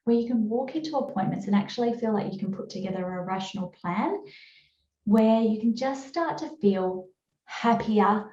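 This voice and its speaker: Casting: Australian woman presenter, mellow voice, chatty and upbeat, roomy dull video-call sound. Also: moderate pace. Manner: chatty, upbeat sales pitch with fillers. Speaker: webinar presenter. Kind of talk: webinar presentation.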